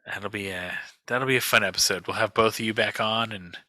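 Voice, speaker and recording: A man's voice: on the low side, steady tone, fairly quick, pushed and bright, dry recording. A man hosting a pop culture podcast, chatting casually in a jokey, rambling way. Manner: jokey, rambling, swears freely. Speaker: podcast host. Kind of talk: casual chat.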